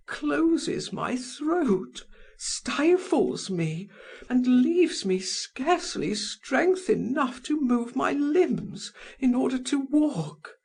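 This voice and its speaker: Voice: darkish tone, full character voice. A single audiobook reader voicing a desperate, lovesick middle-aged society woman in a raised, pleading voice. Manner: pleading, high-pitched and breathy. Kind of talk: audiobook character voice.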